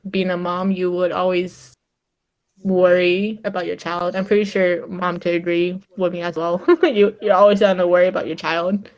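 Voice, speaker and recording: A woman's voice: lowish voice, little pitch movement, moderate pace, a little mellow, lo-fi sound. A young woman in casual podcast chat, telling stories with a lot of laughter and quoted back-and-forth. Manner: chatty storyteller, laughs often, quotes her mom. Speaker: podcast co-host.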